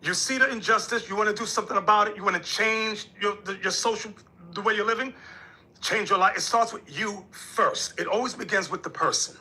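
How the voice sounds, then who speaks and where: In an interview, a male religious leader voices his opinions with forceful, sermonizing energy, his high, piercing, bright voice edged with a husky rasp. He talks a bit quickly and occasionally imitates other people's voices.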